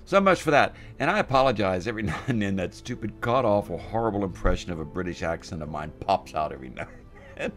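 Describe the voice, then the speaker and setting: A man's voice: fairly low pitch, big pitch swings, fast, a bit bright, faint music behind. An older man from West Virginia giving casual, rambling let's-play commentary, chatty and self-deprecating. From West Virginia, USA. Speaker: gameplay commentator.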